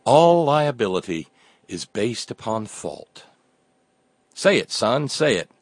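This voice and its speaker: A stern older law professor barks orders and lectures, voiced by a man. His pitch swings widely. The recording is dry and close. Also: very animated, slow, dry recording, heavily acted. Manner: commanding, lecturing.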